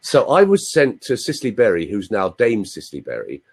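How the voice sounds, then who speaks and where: This English-accented man in his sixties, a London voice coach, is an interview guest on a live video call, sharing anecdotes in a chatty, playful way with asides to the audience. His fairly low voice swings hugely in pitch, and he talks fairly quickly.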